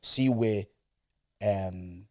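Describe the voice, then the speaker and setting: Guy hosting a pod, slangy and animated, loads of asides. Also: on the low side, drawn-out words. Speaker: podcast host. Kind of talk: casual storytelling chat.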